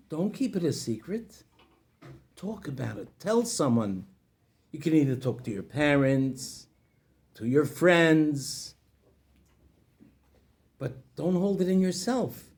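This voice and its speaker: A rabbi tells a story carrying moral lessons, expressive and addressing listeners directly. His voice is on the high side.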